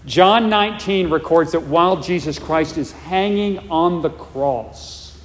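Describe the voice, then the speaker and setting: A male preacher with a voice on the high side and lively intonation speaks slowly through an emphatic sermon. He goes over his points again and again, asking the congregation "all right?", and the large hall adds long reverb.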